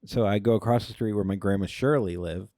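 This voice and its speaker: A man co-hosting a casual comedy podcast, telling a story with lively jumps in pitch and swearing. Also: fairly quick, dry recording, studio quality. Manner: animated storytelling, acts out quoted voices. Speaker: podcast co-host.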